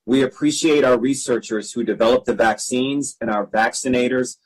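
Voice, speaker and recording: A man, a council member, reading part of a formal resolution in a steady way. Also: mid-range voice, moderate pace, slightly rough, low-quality recording.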